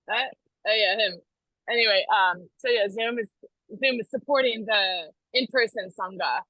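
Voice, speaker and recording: A woman's voice: medium pitch, normal speed, pushed and bright, no room sound, rough recording. An American woman sharing devotional news in a casual, chatty way, laughing often and correcting herself as she goes. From United States.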